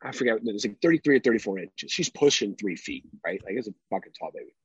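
A man co-hosting a podcast, telling animated stories about his toddler, swearing freely and laughing often. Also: fairly low pitch, quick pace, breathy edge, no room sound, lo-fi sound. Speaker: podcast co-host, father. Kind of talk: casual chat.

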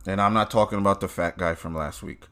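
A man's voice: low voice, steady tone, fast talker, fairly bright tone, clear, resonant tone. A man hosting his own show, ranting bluntly and swearing constantly, recorded in a car. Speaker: podcast host. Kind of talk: profane ranting commentary.

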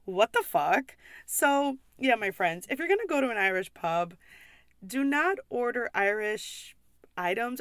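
A woman's voice: medium pitch, a bit bright, no echo, clean studio sound. A young woman hosting a podcast, ranting casually and bluntly about customers at the pub where she serves, swearing often and laughing in exasperation.

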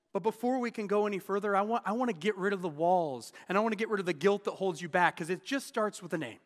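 A man's voice: high-pitched, fairly bright tone. Earnest man preaching in a reverberant hall. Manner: earnest, candid storytelling with restarts. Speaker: pastor. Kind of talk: sermon.

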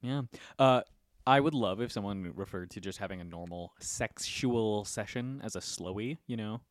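A man's voice: on the low side, moderate pace, dry recording, clean studio sound. A man co-hosting a casual podcast chat, joking, swearing freely and laughing often. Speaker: podcast co-host.

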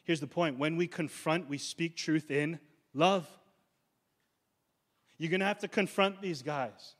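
A man's voice: a little high, fairly bright tone. Male pastor, conversational sermon, drags out key words for punch. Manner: conversational preaching, slows down for emphasis.

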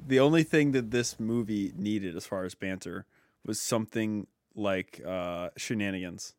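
A man's voice: on the low side, normal speed, darkish tone, no echo, studio quality. A man co-hosting a podcast, laid-back and crude in his banter. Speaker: podcast co-host.

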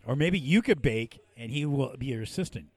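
A man's voice: medium pitch, lively intonation, brisk, a little mellow, no echo. A man who hosts a podcast, telling profane stories in casual chat and laughing often. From Mexican-American from San Diego. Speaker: podcast host and puppeteer. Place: podcast studio.

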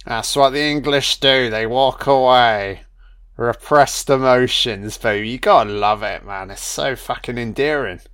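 Guy doing a casual movie commentary, swears a ton, slangy, gets all excited, laughs a lot, average pitch. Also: a little slow, clear, resonant tone. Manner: excitable and heavily profane, with laughter; slangy, calls listeners man, son and baby. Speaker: film commentator.

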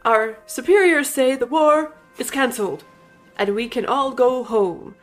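A woman playing a male army colonel rallying his troops, speaking slowly and pausing between words. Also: sits high, faint music behind. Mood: rousing.

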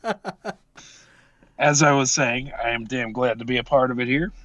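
Reading out thank-yous on a podcast, a male co-host chats casually and swears along the way. He speaks at a moderate pace in a mid-range, slightly bright voice, with no echo, through a dull, dry lo-fi mic.

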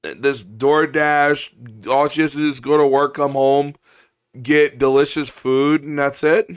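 Smooth-voiced blunt male co-host. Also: mid-range voice, steady tone, unhurried. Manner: blunt, laughing, joking. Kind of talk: casual podcast chat.

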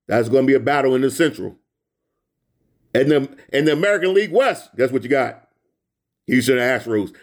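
A man's voice: mid-range voice, darkish tone. Preachy emphatic man talking sports. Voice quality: preachy, emphatic, repeats himself. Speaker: sports talk host. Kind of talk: casual sports commentary monologue.

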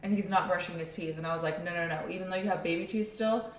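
A woman's voice: lowish voice, fast talker, reverberant, a little hiss or hum. A young woman co-hosting a podcast who tells stories with animation and acts out her son's voice. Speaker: podcast co-host. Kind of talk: casual chat.

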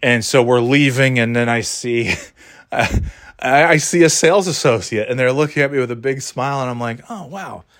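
A man's voice: mid-range voice, moderate pace, a bit bright, no echo, clean studio sound. A man telling a rambling, profane story in a casual, exasperated way, laughing as he goes.

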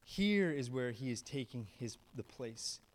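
A man, a pastor, preaching a sermon. He tells the story with feeling, raising his voice on some lines and dropping low and quiet on others. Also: measured pace. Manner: animated storyteller, swings from raised emphatic lines to low hushed ones.

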